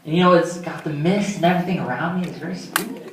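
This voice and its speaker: A man's voice: on the high side, fast talker, a little hiss or hum. A young man doing stand-up, telling rambling, self-deprecating stories full of fillers, recorded from far off in a roomy hall. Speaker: stand-up comedian. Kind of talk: stand-up comedy storytelling.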